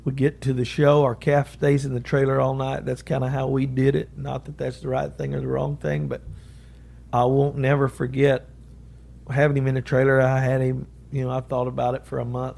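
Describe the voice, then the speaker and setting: A man's voice: medium pitch, completely flat delivery, gravelly, a little mellow. A middle-aged man, a cattle breeder telling a long story as an interview guest, in a folksy way, often quoting what people said. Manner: folksy, drawn-out storytelling with repeated quotes.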